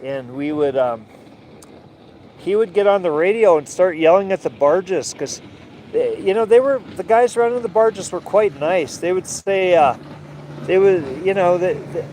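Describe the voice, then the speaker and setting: A man's voice: high voice, a little slow, darkish tone, a little hiss or hum. A man talking in a casual, rambling way with many fillers, outdoors. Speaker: vlogger and sailor.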